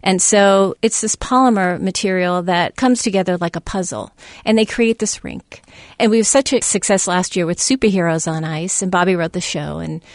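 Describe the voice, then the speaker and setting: A woman's voice: lowish voice, normal speed, dry recording, clean studio sound. A middle-aged woman who presents children's theater, talking enthusiastically in a casual interview. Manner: chatty, enthusiastic, with fillers and restarts.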